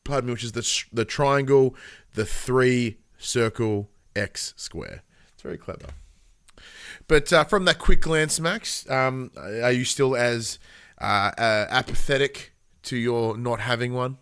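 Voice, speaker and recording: A man's voice: mid-range voice, lively intonation, unhurried, a bit bright, clean tone, no room sound, clean studio sound. An Australian man co-hosting a podcast, telling rambling stories with lots of fillers and chuckles. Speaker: podcast co-host. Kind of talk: casual podcast chat.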